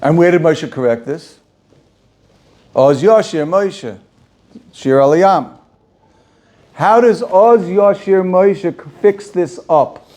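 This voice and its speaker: Animated rabbi with a mellow voice. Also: male voice, high-pitched, takes it slowly, long pauses. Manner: animated, rhetorical questioning, repeats phrases for emphasis. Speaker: rabbi teaching a class. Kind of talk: Torah lecture to students.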